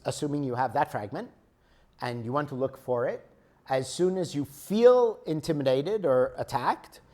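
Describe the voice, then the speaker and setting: A man's voice: fairly high pitch, a little mellow. Man giving a spiritual lecture. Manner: explains with everyday examples, checks in with "okay?".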